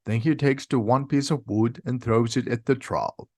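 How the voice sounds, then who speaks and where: A man narrating a simplified audiobook in a slow, plain, steady reading. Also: mid-range voice, no echo, clean studio sound. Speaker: reader.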